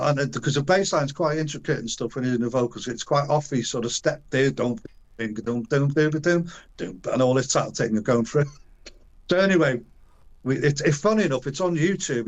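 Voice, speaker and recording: An older man spins a rambling story for an interviewer, full of slang and half-finished restarts. He slips into the voices of the people in his tale and breaks off with little chuckles. His voice sits at an ordinary middle pitch. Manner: animated, acts out quoted voices, frequent restarts and chuckles; colloquial, earthy slang. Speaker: interview guest. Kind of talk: casual storytelling anecdote.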